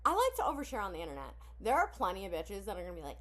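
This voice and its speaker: A woman's voice: lowish voice, big pitch swings, fairly quick. Blunt, candid woman reacting to a song. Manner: blunt, candid, profane oversharing with sighs and laughs. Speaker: reaction video host. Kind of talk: casual reaction commentary.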